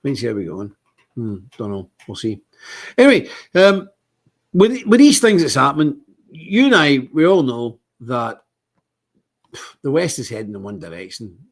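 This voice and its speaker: Scottish male streamer, husky voice, rambling and worked up, casual monologue. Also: sing-song, moderate pace, pauses often. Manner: rambling, indignant, lots of restarts and big pitch swings. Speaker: livestream host.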